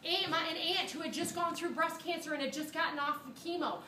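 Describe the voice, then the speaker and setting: A woman microbiology teacher telling a funny story to her class, animated and laughing as she acts out what people said. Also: extremely high pitch, fast, a little hiss or hum. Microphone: phone camera from a student's seat. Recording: echoey classroom filmed from far off.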